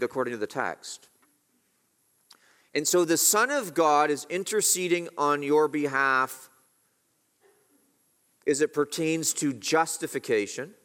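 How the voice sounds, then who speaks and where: Male pastor, sermon delivery, earnest, pitched a bit high. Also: a bit bright. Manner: earnest, rising on questions, slowing to stress key words.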